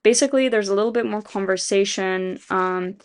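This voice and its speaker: A woman's voice: mid-range voice, a little fast. A woman casually retelling a story plot, rambling with lots of fillers, quoting characters in passing and swearing freely as she gives her opinions. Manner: rambling, filler-heavy, voices quoted characters. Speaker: video essayist.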